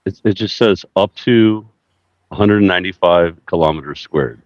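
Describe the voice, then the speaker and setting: A man's voice: low voice, moderate pace, dry recording, muffled recording. A man in a casual podcast chat, asking questions and reading things he looked up. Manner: questioning, reads from search results.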